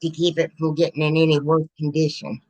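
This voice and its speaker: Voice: mid-range voice, little pitch movement, a little fast, darkish tone, low-quality recording. Earnest, easygoing stream guest. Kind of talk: casual chat on a live stream.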